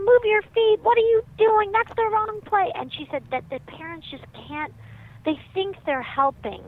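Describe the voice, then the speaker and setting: A woman's voice: on the high side, vocal fry. A woman guest in an interview, talking animatedly and emphatically about parenting, and acting out the voices of the people she quotes. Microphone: phone line. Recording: tinny phone line with faint noise.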